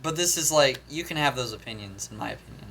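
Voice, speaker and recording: A man's voice: medium pitch, animated, fast, pushed and bright, slightly rough. A man co-hosting a podcast in casual chat, making crude jokes and laughing at his own bits. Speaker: podcast co-host.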